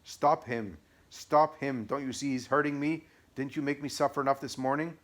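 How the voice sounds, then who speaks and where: A man voicing an abusive, taunting male devil in an audiobook, shrill and whining. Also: steady tone, moderate pace, lightly acted. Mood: raging. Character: raging taunting male devil possessing a woman. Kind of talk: audiobook reading.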